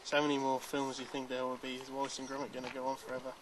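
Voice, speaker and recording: A man working as a reporter, asking brisk interview questions outdoors at a public event. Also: mid-range voice, completely flat delivery, background noise. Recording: crowd chatter behind. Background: crowd.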